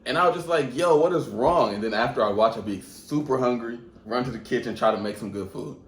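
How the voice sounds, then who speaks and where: A man co-hosting a casual podcast at home, relaxed and wry, telling stories. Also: medium pitch, fast. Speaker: podcast co-host. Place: home room. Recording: echoey room with faint hiss.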